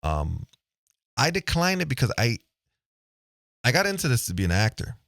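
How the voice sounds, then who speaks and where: A man's voice: medium pitch, huge pitch swings, moderate pace, gravelly, a bit bright, no room sound, clean studio sound. A man hosting a podcast in casual chat, talking loosely with a lot of "right?" checks and the odd swear word. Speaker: podcast host. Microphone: studio microphone, close.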